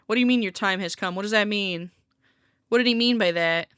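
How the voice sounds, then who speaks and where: A woman's voice: medium pitch, fast talker, a bit bright, clear, resonant tone, no room sound, studio quality. A woman streaming live, chatting casually with viewers in a rambling way, laughing often and swearing lightly. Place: room at home by a window. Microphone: desk streaming mic.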